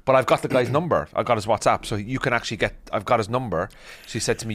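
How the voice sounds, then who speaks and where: Fast-talking man telling stories. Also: medium pitch. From Ireland. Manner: animated storyteller, slangy. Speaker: podcast host. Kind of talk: casual chat.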